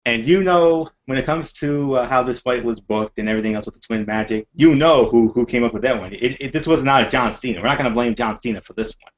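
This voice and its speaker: A man hosting a wrestling podcast, chatting casually with energetic, repetitive banter. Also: mid-range voice, fast, hardly any pauses, highs cut off.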